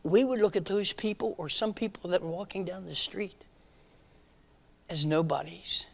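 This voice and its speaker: A man preaching a sermon in a church, moving between loud emphatic calls and hushed, quiet passages. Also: high-pitched, normal speed, vocal fry.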